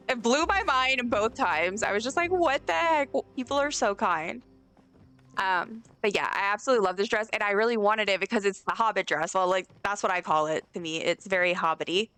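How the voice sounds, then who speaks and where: With a smooth, sharp-toned voice of medium pitch, a woman streams a game and chats with gushing enthusiasm. Faint game music plays behind her as she reads out messages from chat.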